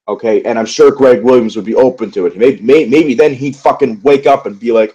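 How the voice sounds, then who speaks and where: A man's voice: medium pitch, fairly quick, few pauses, darkish tone, breathy edge, lo-fi sound. A young man in a solo football recap vlog, frustrated and profane, rambling with many fillers and restarts. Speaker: sports vlogger. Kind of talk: angry solo football rant.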